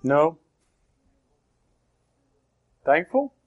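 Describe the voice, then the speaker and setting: Slow, emphatic male preacher. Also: fairly high pitch, sing-song, highs cut off. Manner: slow, emphatic, asks the congregation questions. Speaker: pastor. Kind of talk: sermon.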